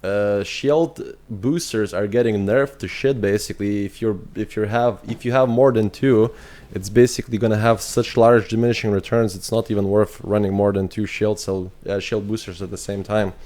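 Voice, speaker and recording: A man's voice: fairly low pitch, fairly even intonation, normal speed, a little mellow. A man with an Irish accent chatting casually on a game live stream, answering viewers and thinking aloud with fillers. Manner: reads chat messages aloud and answers viewers.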